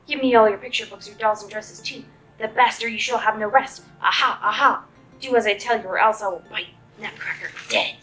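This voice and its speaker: A woman voicing a menacing male Mouse King in a storybook reading, breaking into shrill squeaks and hissed threats. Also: a little fast, bright, forceful tone, soft background music, natural voice.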